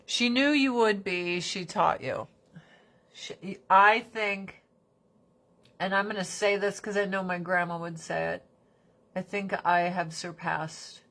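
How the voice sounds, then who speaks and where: A woman hosting a casual livestream chat, animated and fond of swearing, slipping into mocking put-on voices. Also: mid-range voice. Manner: swears casually, talks fast then drags words out. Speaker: livestream host.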